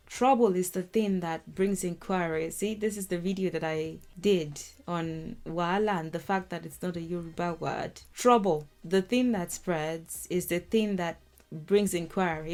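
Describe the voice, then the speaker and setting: A woman with a lowish voice teaches a language lesson, walking through song lyrics word by word. She's lively and informal, laughing often.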